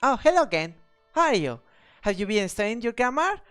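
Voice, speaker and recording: A woman voicing an elegant, vain city lady who is flattering and bossy, reading game dialogue aloud. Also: a little high, fairly quick, clear, resonant tone, faint music behind, voice pushed up. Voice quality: prim, theatrical, gushing.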